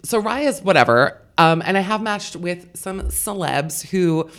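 A woman in her forties, a comedian guest on a podcast, telling funny stories in animated casual chat with swearing and laughs. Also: on the low side, measured pace.

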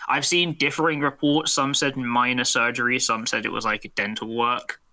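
A man's voice: medium pitch, steady tone, normal speed, pushed and bright. A man co-hosting a wrestling podcast, chatting casually, rambling and laughing often. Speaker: podcast co-host.

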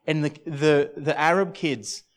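A man preaching a sermon at a church service, telling a personal story in an earnest, halting way with many restarts. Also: a little high, fairly even intonation. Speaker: pastor.

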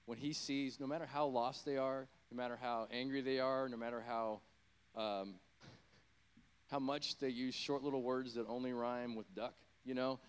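A middle-aged man preaching in a loose, conversational way, his pitch sitting at an ordinary male middle. He drifts off track, apologizes for his own tangents and jokes at his own expense as he tells a story. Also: steady tone, moderate pace, clean tone. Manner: rambling, self-deprecating, apologetic asides. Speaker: preacher, former full-time pastor. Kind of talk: conversational sermon with personal story.

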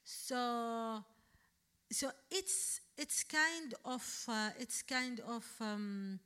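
A Yemeni-accented woman, Arabic her first language, speaks slowly in English with a bright, somewhat high voice. She stops and restarts often, then presses her points firmly. She is answering questions as a guest at a public talk. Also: animated, clear, resonant tone. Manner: halting, many restarts, rising to firm emphasis.

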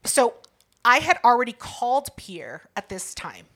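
A woman's voice: a little high, sing-song, a little slow, bright, forceful tone. A young woman co-hosting a podcast, telling a story in casual chat with blunt, profane, dramatic flair. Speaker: podcast co-host.

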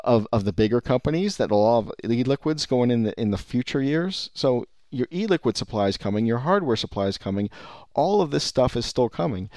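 A man's voice: medium pitch, a little mellow, no echo, clean studio sound. A man giving ranting commentary on the vape business, rambling and profane with many restarts.

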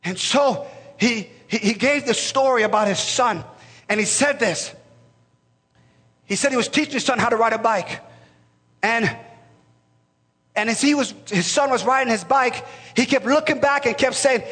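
Brief: man in his forties, pastor, high and bright voice, passionate sermon, big reverberant hall. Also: normal speed. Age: 40s. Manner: impassioned, rising to shouts, stammering restarts.

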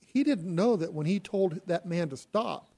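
High-voiced man co-hosting. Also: lively intonation, moderate pace, a little mellow. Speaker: co-host. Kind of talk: casual talk show banter.

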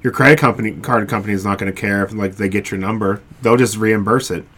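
A man with a lowish voice and a bright, forceful tone, giving blunt opinions in casual banter. He laughs often and talks plainly. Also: fairly even intonation, fast talker. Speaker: podcast co-host. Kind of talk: casual chat.

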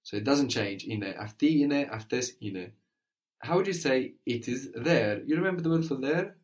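A man's voice: mid-range voice, animated, normal speed. A man teaching a language lesson, patiently prompting his student with questions and often checking with "no?".

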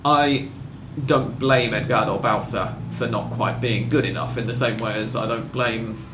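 A man's voice: fairly low pitch, steady tone, measured pace, roomy sound, noisy background. A man hosting a casual football podcast, talking in long rambling sentences with wry self-corrections. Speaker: podcast host.

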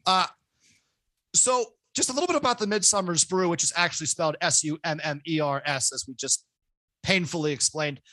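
A man hosting a casual podcast chat, loud and excitable, joking at his own expense into his microphone. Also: a little high, a little fast, dry recording. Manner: loud, excitable, self-mocking. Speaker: podcast host. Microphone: home podcast microphone.

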